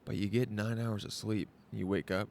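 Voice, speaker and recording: A man's voice: fairly low pitch, little pitch movement, brisk, creaky, darkish tone. A man hosting his own show, talking outdoors in a rambling, jokey, self-interrupting monologue. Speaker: podcast host. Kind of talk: casual vlog monologue.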